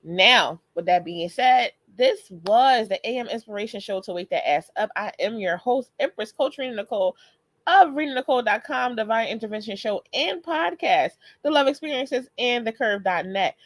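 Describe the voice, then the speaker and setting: A woman's voice: on the high side, expressive, moderate pace, dry recording. A woman in her thirties hosting a live motivational stream, talking casually and often laughing as she greets viewers. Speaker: host.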